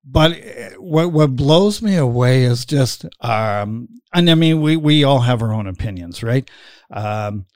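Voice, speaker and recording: A man's voice: medium pitch, measured pace, darkish tone, no echo. Man, middle-aged, casual podcast host, rambling, lots of ums, chuckles, dry close sound. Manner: rambling, filler-heavy, laughs while telling stories. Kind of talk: casual chat.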